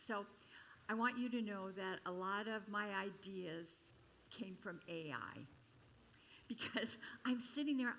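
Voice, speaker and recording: An older woman minister telling a personal story in a chatty, expressive sermon at a church service. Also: slight background noise, low-quality recording. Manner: chatty and expressive, with sudden jumps in pitch and loudness.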